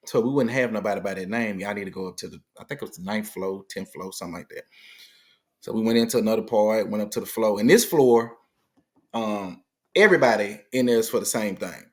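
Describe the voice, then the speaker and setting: In casual conversation, a middle-aged male guest tells an animated story, performing the dialogue of the people he quotes. He speaks briskly, with a fairly low pitch.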